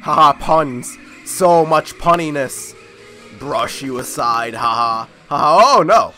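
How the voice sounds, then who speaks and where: Young gamer doing playthrough commentary, lively bouncy voice, bright tone, jokes around. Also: medium pitch, slow pace, soft background music. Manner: animated, jokey, talks to the game. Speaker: let's play host. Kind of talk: video game playthrough commentary.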